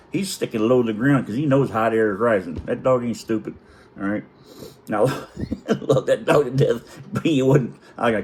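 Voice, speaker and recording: A middle-aged man telling a comic personal story in a profane, animated way, acting out the quotes in different voices. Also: mid-range voice, brisk, slight background noise. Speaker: storytelling vlogger.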